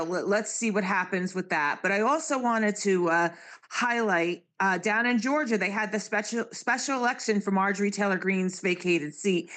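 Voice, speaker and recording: A panelist on a live stream with a bright, forceful tone. The speech rambles along with lots of "you know" and "um". The pitch sits in the middle range. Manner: rambling, many fillers. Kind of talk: casual political chat.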